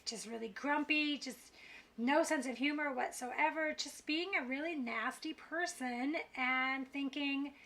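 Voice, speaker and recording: A woman's voice: sits high, moderate pace, sharp tone. A middle-aged woman talking candidly to camera in a confessional vlog, frustrated and self-critical as she rambles. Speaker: vlogger.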